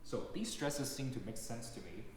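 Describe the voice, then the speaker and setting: A man lectures from a stage in a measured, explanatory way, pausing on ums and uhs. His voice rings through a big, reverberant hall with a long tail. A faint hiss of room noise sits under it. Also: mid-range voice, expressive. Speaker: lecturer and pianist. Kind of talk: lecture recital talk. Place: concert hall. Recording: very echoey hall recording.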